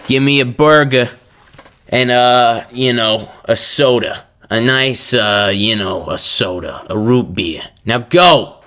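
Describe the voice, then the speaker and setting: A man putting on the voice of a pushy New York cab driver, barking loud, bossy orders. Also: mid-range voice, takes it slowly, voice pushed up.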